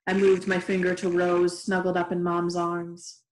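A woman reading a novel aloud in a steady, gentle way, in an echoey room. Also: on the low side, normal speed, hardly any pauses. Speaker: reader. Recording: roomy echoey room recording.

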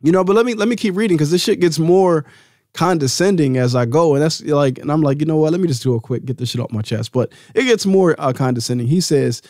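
A man's voice: quick pace, no echo, studio quality. Heated, profane man ranting solo. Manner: drops to a low calm voice to settle himself. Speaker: host. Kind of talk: solo podcast rant.

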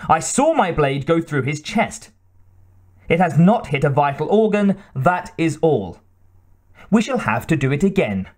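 A man voicing a pompous, exasperated gentleman duelist in an audiobook, stiff and haughty. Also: on the high side, very animated, a little slow.

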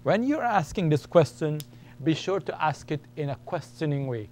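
A man's voice: fairly high pitch, lively intonation, normal speed, darkish tone, a little hiss or hum. Patient man teaching at a board. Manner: patient, repetitive, explains step by step. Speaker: Arabic teacher. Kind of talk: classroom lesson.

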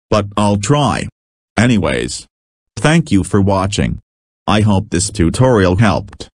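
A man with a lowish voice talks through a casual software tutorial, slow and plain, a little halting. The sound is dry and close, with no room around it. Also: no room sound. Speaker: channel host.

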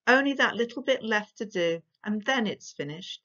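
A stubborn little girl, as a woman reading aloud puts her on, earnest and insistent, her words plain and matter-of-fact. Her mid-pitched voice comes through a dull, lo-fi recording. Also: animated, moderate pace, fairly bright tone, close to an everyday voice. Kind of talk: storybook reading.

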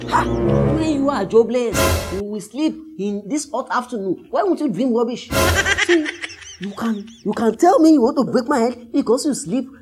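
A Nigerian woman scolds and mocks in a comedy skit, her voice high and bouncing with wide swings. Music plays clearly behind her. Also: animated, normal speed. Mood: mocking. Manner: scolding, mocking.

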